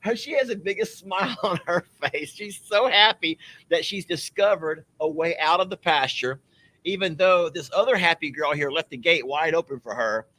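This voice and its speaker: A man's voice: on the high side, moderate pace, pushed and bright, no echo. A man hosting a casual livestream outdoors on a farm, chatty and teasing. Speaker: livestream host.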